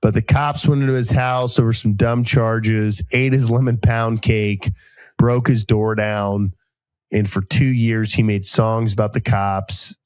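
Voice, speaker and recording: Animated storytelling man, dry sound. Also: measured pace, clean tone, no echo. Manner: animated storyteller, acts out quoted voices with jumps in pitch. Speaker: podcast host. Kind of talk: casual storytelling chat.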